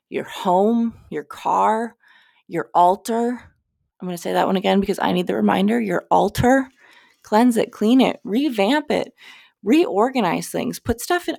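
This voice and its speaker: A woman's voice: medium pitch, creaky, dry recording, studio quality. A young woman hosting a podcast, giving casual spiritual advice in a candid, chatty way, sometimes swearing and cutting herself off. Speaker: podcast host.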